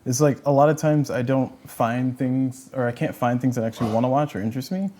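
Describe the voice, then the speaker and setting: A man hosting a livestream panel, talking in a loose, rambling way. His voice is dark and mellow, with a middling pitch. He keeps correcting himself as he goes. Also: a little fast, slight background noise. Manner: rambling, self-correcting, fillers. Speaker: host. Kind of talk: casual panel chat on a livestream.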